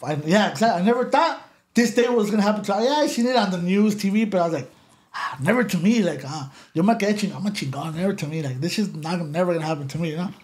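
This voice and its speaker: This animated man from around Los Angeles swears freely and mixes Spanish with English as he tells a casual story on a podcast. His voice is high and his pace quick.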